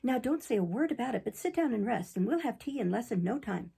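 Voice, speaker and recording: A woman reading an audiobook, voicing a kindly, bustling motherly country woman in a husky voice. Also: a little high, big pitch swings, fast talker, dark tone, voice pushed up, full character voice. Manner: eager, homely country speech.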